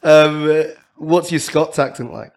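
Teasing male podcast host, slightly high. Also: steady tone. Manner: teasing, quick questions, laughs often. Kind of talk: casual interview.

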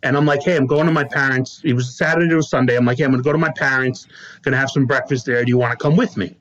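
A man hosting a podcast, telling stories in a lively, laughing way and acting out what people said. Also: mid-range voice, rapid-fire, muffled recording. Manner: animated, laughing storyteller who acts out quotes. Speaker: podcast host. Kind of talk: casual storytelling chat.

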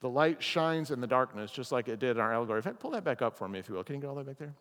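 A man preaching a chapel sermon as a pastor, telling a story with lively acted-out lines. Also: medium pitch, racing, in a large hall. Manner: animated storyteller, acts out characters' lines. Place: chapel or meeting hall.

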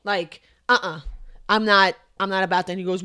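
A young woman co-hosting a podcast, telling a story in casual chat, animated and profane. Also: mid-range voice, a little fast, clear, resonant tone. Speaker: podcast co-host.

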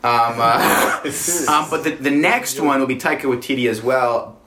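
A man's voice: mid-range voice, unhurried, heavy background noise. A young man in casual chat, hesitant and filling gaps with ums. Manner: hesitant, many ums and uhs. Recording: roomy echo.

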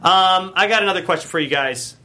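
A man's voice: high voice, a little fast, a crowd in the background, low-quality recording. A man hosting a casual fan talk show, playfully quizzing his co-hosts with trivia. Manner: playful trivia quizmaster, joking. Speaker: host. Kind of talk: casual chat.

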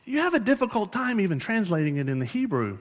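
A man's voice: high-pitched, sing-song, fast. A man preaching as pastor in a church, explaining scripture earnestly and often restarting his phrases. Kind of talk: sermon. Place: church sanctuary.

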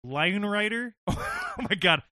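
A young man spinning an animated anecdote in casual chat, swearing and laughing as he goes. His voice is high and bright, swooping widely in pitch, and it sounds dry and close to the mic. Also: unhurried, no echo. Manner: animated, laughing storyteller who swears freely.

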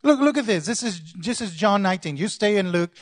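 A man, a pastor, preaching a sermon to his congregation, going from quiet asides to loud calls and acting out quoted lines. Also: high voice, expressive, brisk, no room sound. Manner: acts out characters' lines in quoted voices.

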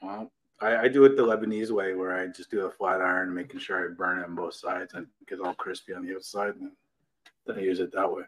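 Male guest in his thirties, lower voice, relaxed teasing storyteller. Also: brisk, low-quality recording. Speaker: podcast guest. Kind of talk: casual chat.

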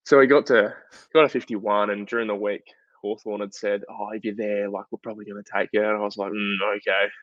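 Young man, Australian accent, casual interview storytelling, filler-heavy, lowish voice, dull dry lo-fi sound. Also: a little fast, no room sound. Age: young adult. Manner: chatty, filler-heavy, animated retelling. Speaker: guest footballer. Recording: dull, dry lo-fi podcast audio.

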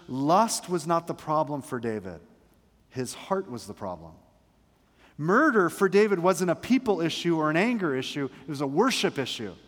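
Fervent preacher man, high voice in a hall. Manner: fervent, emphatic preaching with humorous asides. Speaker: pastor. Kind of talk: sermon. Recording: long reverb of a large hall.

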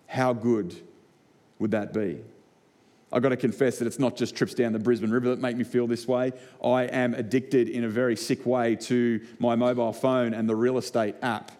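A man's voice: medium pitch, fairly even intonation, normal speed, a little mellow. Aussie pastor guy giving a sermon, chatty storytelling, keeps repeating lines for effect. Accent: Australian. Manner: conversational, personal storytelling with repeated rhetorical lines. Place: church hall before a congregation.

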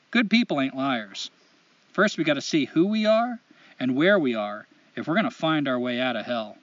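Blunt, profane man with a lively voice. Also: a little high, no echo, far from the mic, lo-fi sound. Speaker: podcast co-host. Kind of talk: casual podcast chat and ranting monologue.

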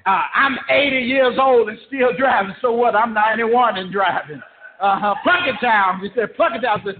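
A man preaching a fervent sermon, repeating phrases and shouting, heard over a conference call. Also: very high-pitched, a little hiss or hum. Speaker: pastor. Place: church service. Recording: echoey, tinny conference-call line.

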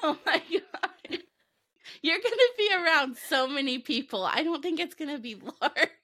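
Giggly us lady host, high n bouncy voice, laughs a ton. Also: expressive, moderate pace, bright, forceful tone. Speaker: podcast host. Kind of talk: casual podcast chat.

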